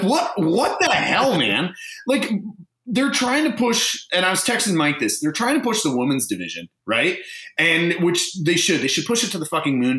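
Animated, bright-voiced man ranting. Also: on the high side, roomy sound. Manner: animated, swearing, exasperated ranting. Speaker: podcast co-host. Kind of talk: casual chat.

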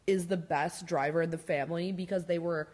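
A young adult woman, a podcast guest or co-host, chats casually and leans heavily on filler words like "like." Her voice is on the low side, steady, brisk, and a little mellow.

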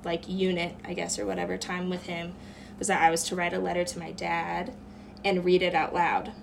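Female podcast guest, lower voice, reflective personal storyteller, casual and earnest. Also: level tone, moderate pace, creaky, a little hiss or hum. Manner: earnest, reflective, with many fillers like "um" and "like".

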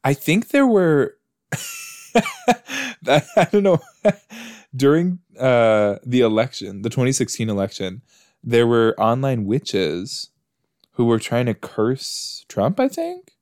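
A man's voice: mid-range voice, very animated, takes it slowly, pauses often, a little mellow, no echo, studio quality. A man hosting a podcast, chatting and joking as he reacts to a TV episode while he watches it. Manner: chatty, joking, talks back to the screen. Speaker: podcast host. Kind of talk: episode watch-along commentary.

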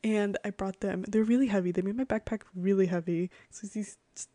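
A woman's voice: medium pitch, fairly even intonation, brisk, dark tone, no room sound. Chatty young woman telling childhood stories. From Connecticut, USA. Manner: chatty, rambling, full of "like" fillers and giggles. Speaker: podcast host. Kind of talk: casual storytelling.

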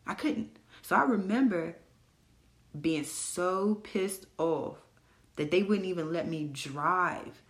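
A young adult woman with a lower voice tells her story straight to her listeners, blunt and animated, and swearing freely. Her voice rings in an echoey room. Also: slow pace. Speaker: podcast host. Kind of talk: candid storytelling monologue.

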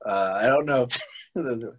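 A man hosting a casual podcast chat, talking at an everyday mid pitch. He rambles, swears freely and keeps restarting his sentences. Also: normal speed, heavy background noise. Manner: rambling, profane, restarts a lot. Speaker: podcast host.

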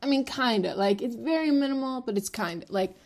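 A woman's voice: on the high side, expressive, fairly quick. A woman in her twenties hosting a solo podcast, talking frankly and rambling, with lots of fillers and swearing. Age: 20s. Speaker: podcast host. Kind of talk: candid solo podcast talk.

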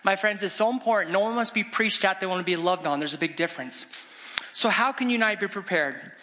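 A middle-aged man, a guest evangelist, preaching an animated, exclamatory storytelling sermon in a church sanctuary. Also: high voice, fast. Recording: long church reverb.

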